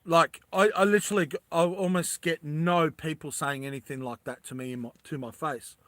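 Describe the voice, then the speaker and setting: Guy chatting to his stream, bright punchy voice, dead dry mic, rambles and laughs a lot. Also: a little high, steady tone, brisk, no echo. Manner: rambling, laughs often, talks to viewers as guys. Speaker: livestreamer. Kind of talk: casual livestream chat.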